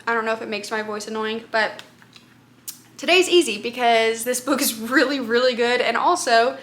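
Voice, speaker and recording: Chatty woman with a slightly high voice. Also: normal speed, fairly bright tone. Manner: chatty, rambling, lots of "like" fillers. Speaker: book vlogger. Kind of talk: casual chat to camera.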